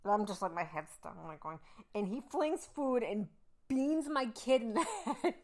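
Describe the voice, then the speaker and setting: A woman co-hosting a casual chat, telling a story with animated delivery, laughing often and acting out quotes. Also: a little high, moderate pace. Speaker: podcast co-host; mother.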